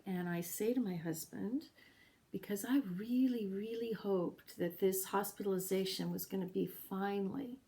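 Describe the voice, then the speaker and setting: A woman's voice: mid-range voice, a little mellow, slight background noise. Earnest middle-aged woman telling her story. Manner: earnest, emotional, with halting pauses. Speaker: podcast host sharing her story. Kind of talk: personal storytelling.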